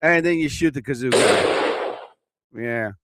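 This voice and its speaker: A man's voice: mid-range voice, sing-song, measured pace, creaky, heavy background noise. A young man hosting a casual live-stream show, rambling and joking, swearing often as he fumbles with his sound effects. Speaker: host.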